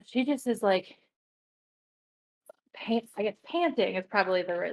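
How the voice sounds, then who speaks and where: A woman's voice: medium pitch, expressive, measured pace. A woman playing in a tabletop role-playing game, rambling as she describes her character. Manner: rambling, many likes. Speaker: player. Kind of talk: casual role-play chat.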